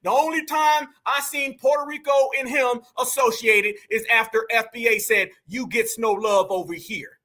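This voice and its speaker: A man with hosts heated reaction commentary. His voice sits very high and sounds sharp and bright. He mocks and challenges his target with slang and a string of rhetorical questions. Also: fairly even intonation, normal speed, few pauses. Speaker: commentary host.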